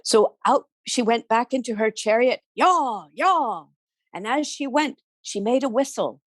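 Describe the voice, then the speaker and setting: A woman storyteller telling a folk tale in an animated, playful way with chatty asides. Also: on the high side, normal speed, no echo. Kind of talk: oral storytelling.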